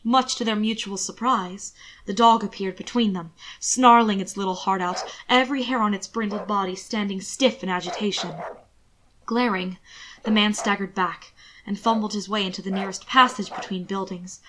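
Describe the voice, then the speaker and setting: A woman narrating fan fiction in a measured, expressive storytelling voice. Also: mid-range voice, noisy background. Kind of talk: reading fan fiction aloud.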